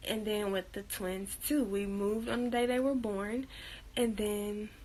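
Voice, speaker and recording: A woman's voice: mid-range voice, steady tone, unhurried, darkish tone, rough recording. A young woman vlogging at home in a casual chat, with lots of fillers and frequent laughs, talking while she works on a craft. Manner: chatty, laughs often, many fillers.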